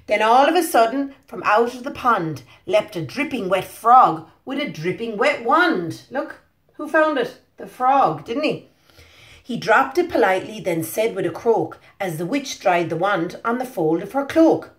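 A woman preschool teacher reads a picture book aloud with a fairly high voice. She keeps it animated and stops often to ask the children questions. The sound is roomy and echoey. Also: normal speed.

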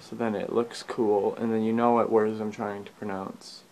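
A man's voice: lowish voice, flat delivery, moderate pace, a little mellow, a little hiss or hum. A man from Alberta with a Canadian accent, chatting casually to camera and reading a list of words aloud with little asides. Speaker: vlogger.

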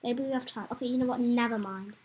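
A chatty young woman giving rambling, excitable commentary while she plays a game. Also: on the high side, quick pace, a little hiss or hum, rough recording. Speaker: gameplay commentator. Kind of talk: casual let's-play commentary.

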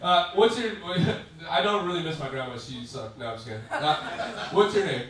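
A man's voice: on the high side, animated, normal speed, fairly bright tone. A man doing stand-up crowd work on a comedy club stage, profane and rambling, often laughing mid-sentence. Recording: far-off roomy club recording with crowd. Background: audience laughter.

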